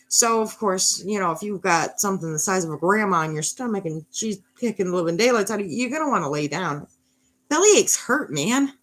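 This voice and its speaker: A woman's voice: fairly low pitch, a bit bright. A woman in her thirties telling a fairy tale in a wry, rambling way, full of sarcastic asides. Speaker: mother telling a bedtime story. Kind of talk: sarcastic storytelling.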